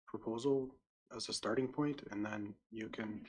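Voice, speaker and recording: A man's voice: lowish voice, fairly even intonation, normal speed, darkish tone, poor audio. A man on municipal staff suggesting how a council should draft a document, talking in an informal, persuasive way. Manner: informal, persuasive, proposing procedure. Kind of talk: council meeting discussion. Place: council chamber.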